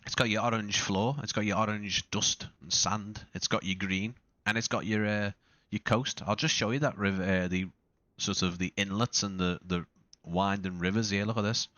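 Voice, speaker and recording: Casual flight-sim streamer, a man with a low, bright voice on a dry close mic, who talks in loose, self-correcting bursts. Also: steady tone, moderate pace, no room sound. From not Australian. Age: adult father. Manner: rambling, self-correcting, with frequent restarts and fillers. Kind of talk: casual live-stream commentary.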